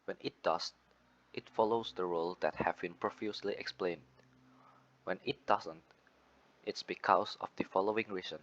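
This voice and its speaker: Young male student, very deep voice, reads his part from notes, muffled lo-fi recording. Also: moderate pace, pauses often, a bit bright. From Indonesia. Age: young adult. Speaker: student presenter. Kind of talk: class presentation on phonetics.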